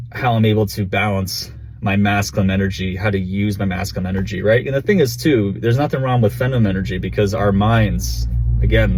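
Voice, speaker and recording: Ein Mann mit tiefer, heiserer Stimme. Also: male voice, fairly low pitch, a little mellow, husky. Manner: rambling, with restarts and "bro". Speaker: vlogger. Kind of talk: casual talk to camera. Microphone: built-in camera or phone mic.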